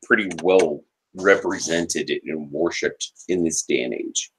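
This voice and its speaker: A podcast host with a very deep voice, talking casually about a TV show. He often stumbles and repeats his first words before getting a sentence going, in a relaxed, informal conversation. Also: unhurried, a little hiss or hum, low-quality recording. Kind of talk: casual chat about a TV episode.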